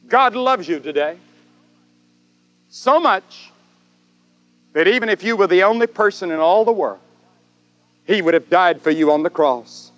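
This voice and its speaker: An older man preaching a sermon dramatically, with swelling repetitions and long pauses. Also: sits high, expressive, fairly bright tone, no room sound. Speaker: evangelist preacher.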